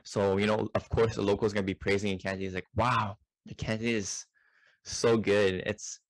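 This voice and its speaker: A young man whose voice sits fairly low teaches a laid-back online language lesson as a student club tutor. His talk is loose and chatty, packed with "like" and "you know."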